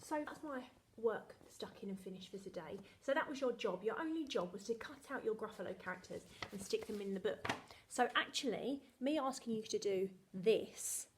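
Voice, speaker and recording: A woman teaching young children from home in a recorded lesson. She speaks slowly and cheerfully, in a sing-song way, and her voice sits in a middle pitch with a soft, breathy edge. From England. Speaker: primary school teacher.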